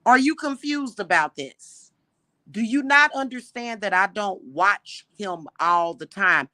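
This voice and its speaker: Slow, forceful, indignant woman host. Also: mid-range voice, lively intonation, dry recording. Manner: indignant, exasperated, rhetorical questions; repeats points slowly and emphatically. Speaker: livestream host. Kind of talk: livestream rant to viewers.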